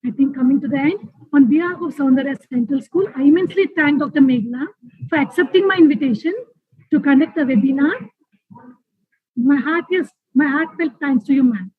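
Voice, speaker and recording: A woman's voice: sits high, a little fast, no echo. A woman hosting a school webinar, giving a formal vote of thanks. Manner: formal, reads thanks and a quote. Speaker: school event host. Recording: dry, phone-like call audio.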